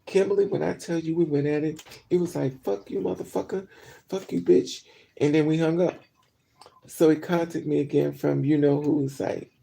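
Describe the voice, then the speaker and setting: A woman vlogger casually telling a story to her viewers, blunt and profane, with animated delivery. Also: low-pitched, normal speed, vocal fry.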